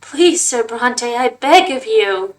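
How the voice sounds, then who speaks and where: A frightened mother, pleading and begging for mercy, her voice pitched up high with fear, voiced by a woman reading a game aloud. She speaks in a strained, imploring way. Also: expressive, takes it slowly, faint music behind.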